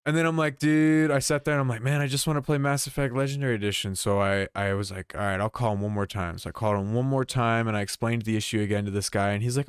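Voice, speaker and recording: A man's voice: medium pitch, fairly even intonation, fast talker, few pauses, smooth, no echo, studio quality. A young man co-hosting a podcast, telling a rambling, exasperated story in casual chat with frequent swearing. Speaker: podcast co-host.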